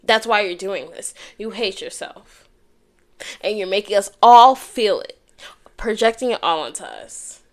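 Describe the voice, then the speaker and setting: A young woman hosting her own podcast alone, speaking candidly straight into her microphone with headphones on. Her voice sits in an ordinary middle pitch, and her casual talk is full of y'all and easy swearing. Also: unhurried. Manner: candid, swears freely, says y'all a lot. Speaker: podcast host. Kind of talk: casual solo talk to camera.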